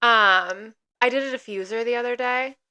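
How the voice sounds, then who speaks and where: A woman's voice: on the high side, moderate pace, bright, forceful tone. A young woman co-hosting a casual chat podcast, giggly and chatty, often trailing off mid-sentence. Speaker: podcast co-host. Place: indoors, filming on a phone.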